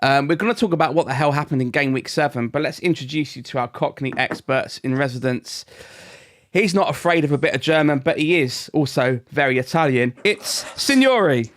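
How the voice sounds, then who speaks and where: A man's voice: fairly high pitch, expressive, brisk, fairly bright tone. A man hosting a casual fantasy football podcast, upbeat, chatty and joking with his co-hosts. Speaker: podcast host.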